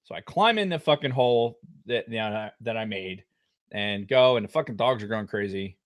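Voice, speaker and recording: A middle-aged man co-hosting a podcast, telling a long story in a casual, profane way with loud outbursts. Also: fairly low pitch, animated, normal speed. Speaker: podcast co-host.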